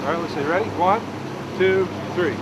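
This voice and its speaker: A man's voice: sits high, moderate pace, muffled recording. A man hosting a fishing trip on camera from a boat, enthusiastic and joking in casual chat. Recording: loud boat engine and water noise.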